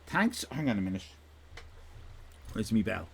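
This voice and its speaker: A man's voice: fairly low pitch, very animated, a little slow, gravelly, very noisy. An Irish man hosting a live stream in casual chat, rambling from one tangent to the next with jokes and swearing. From Ireland. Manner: rambling, digressive, sweary, jokey.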